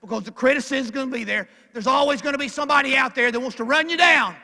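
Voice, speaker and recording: An older man from Arkansas with a Southern accent, giving a folksy, emphatic motivational speech at a banquet and calling out his key lines loudly. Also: very high-pitched, fast. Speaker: keynote speaker. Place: large banquet hall. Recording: echoey banquet hall with long reverb.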